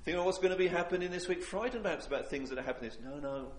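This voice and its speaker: Earnest, pleading preacher in echoey church. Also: male voice, high-pitched, very fast. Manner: earnest, pleading, repeats phrases for emphasis. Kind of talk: sermon.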